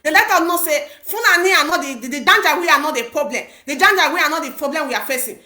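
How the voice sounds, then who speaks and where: A woman's voice: high-pitched, lively intonation, quick pace, pushed and bright. A woman with a Nigerian Pidgin English accent giving impassioned political commentary, emphatic and repetitive with many restarts.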